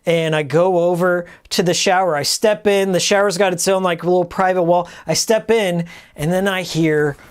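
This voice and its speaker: A man's voice: high-pitched, steady tone, moderate pace, hardly any pauses, clear, resonant tone. A male streamer telling a crude, exasperated story in a casual, profane rant. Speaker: streamer host. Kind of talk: casual ranting anecdote.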